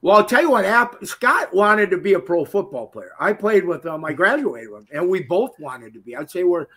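A man, telling stories as a guest in a casual interview, folksy and animated, laughing often. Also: high voice, brisk. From Minnesota. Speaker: guest, retired pro wrestler.

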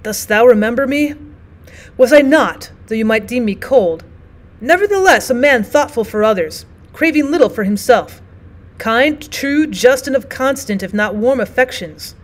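A bitter old physician who lives for revenge, speaking in stern, old-fashioned phrases, read aloud by a woman. His voice is loud and grim, pitched a little high, and it rarely softens. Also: animated, moderate pace, natural voice.

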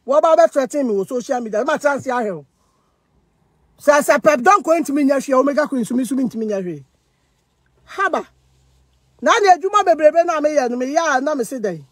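Heated Ghanaian woman, high and dry. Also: expressive, quick pace, pauses often, no echo. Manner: mixes Twi and English, heated and accusing. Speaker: social media personality. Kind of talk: heated monologue. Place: living in Germany.

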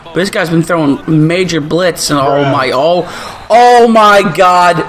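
A man doing live commentary over his own football video game match, excitable, swearing and groaning at the plays. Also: a little high, a little slow. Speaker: gaming YouTuber.

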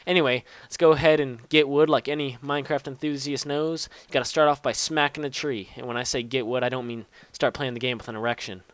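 Profane rambling young gaming YouTuber. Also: male voice, mid-range voice, fairly even intonation, quick pace, hardly any pauses, clean tone, no room sound. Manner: rambling, profane, self-mocking. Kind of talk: casual gameplay commentary.

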